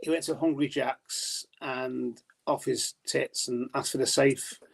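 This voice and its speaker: A man's voice: medium pitch, fairly even intonation, unhurried, vocal fry, breathy edge. A man as a podcast guest in casual chat, telling stories chattily, swearing and laughing often.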